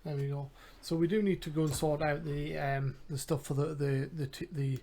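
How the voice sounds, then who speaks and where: A man's voice: fairly high pitch, fairly even intonation, normal speed, mellow. A man with an English accent, casually commentating a game and thinking aloud with mumbled asides. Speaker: gaming channel host.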